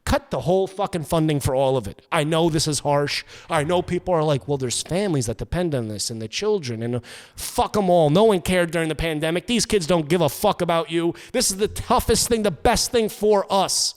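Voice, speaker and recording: A man's voice: a little high, long reverb tail. A man with a New York accent, co-hosting a podcast and ranting profanely for comedy. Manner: loud, fast-ranting, profane. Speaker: podcast co-host.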